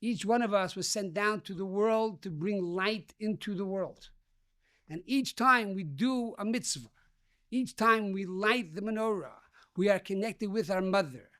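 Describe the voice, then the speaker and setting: High-voiced rabbi telling a sermon story. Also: male voice, measured pace, dry recording, clean studio sound. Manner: addresses listeners warmly as dear friends.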